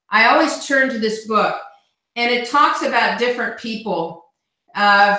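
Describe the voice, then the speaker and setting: Bright echoey woman, motivational. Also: mid-range voice. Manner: earnest, repeats words when starting. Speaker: guest speaker on team call. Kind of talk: motivational talk. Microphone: video call. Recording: echoey call line.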